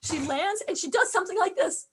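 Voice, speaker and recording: A middle-aged woman teaching a class, telling a personal story in an earnest, expressive way with frequent restarts. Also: extremely high pitch, a little fast.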